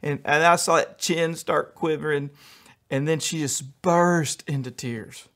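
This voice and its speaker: A man's voice: a little high, steady tone, fairly bright tone. A man preaching a sermon as pastor, telling funny stories with acted-out quotes. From United States. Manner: humorous, quick storytelling with acted-out quotes.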